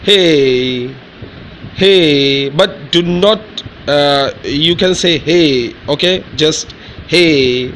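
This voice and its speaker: A man teaching letter sounds in a lesson, repeating each one slowly and explaining in simple, halting English. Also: fairly high pitch, a bit bright, slight background noise, rough recording. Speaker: Urdu teacher. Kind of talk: slow pronunciation lesson.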